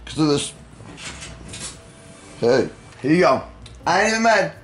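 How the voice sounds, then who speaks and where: A young man hosting a gaming channel, loud and playful, teasing and yelling at his puppy during gameplay commentary. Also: on the high side, very animated, measured pace, faint music behind.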